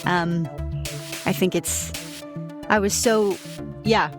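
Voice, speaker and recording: A woman's voice: lowish voice, steady tone, slow pace. A woman co-hosting a podcast, chatting eagerly about film music and often restarting her sentences. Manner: enthusiastic, rambling with many restarts. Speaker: podcast co-host. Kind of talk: casual podcast chat.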